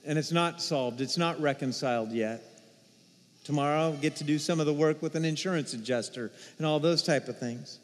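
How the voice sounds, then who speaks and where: A man with a high voice for a man preaches a storytelling sermon. He shifts between quiet, hushed stretches and excited peaks. His voice rings out in a reverberant church hall. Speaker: pastor.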